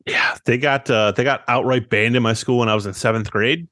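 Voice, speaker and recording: A man's voice: medium pitch, steady tone, fairly quick, sharp tone, dry recording, clean studio sound. A man co-hosting a podcast, chatting casually with blunt, crude remarks. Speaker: podcast co-host.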